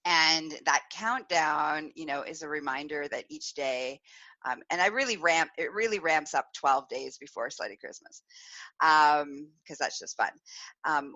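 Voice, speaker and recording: Low-voiced and recorded with the highs cut off, a podcast host tells a story live on stream. She's animated, laughs frequently, and acts out quoted voices in this storytelling chat.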